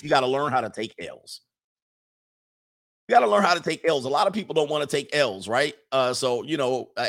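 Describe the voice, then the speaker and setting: Joking young man hosting a livestream. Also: medium pitch. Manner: animated, joking, laughs often. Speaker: livestream host reading super chats. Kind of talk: casual livestream commentary.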